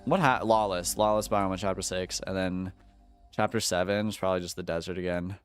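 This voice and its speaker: A man's voice: low voice, fairly even intonation, brisk, clear, resonant tone, faint music behind. A man streaming while he plays a game, chatting casually with his viewers in a joking, slangy way. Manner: joking, slangy, talks to chat. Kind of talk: casual live-stream chat while gaming.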